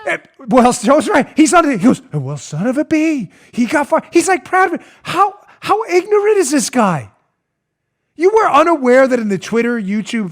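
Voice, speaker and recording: A male podcast host delivering an emphatic, sarcastic opinion monologue. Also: very high voice. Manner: emphatic, sarcastic, animated ranting. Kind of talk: opinionated talk show monologue.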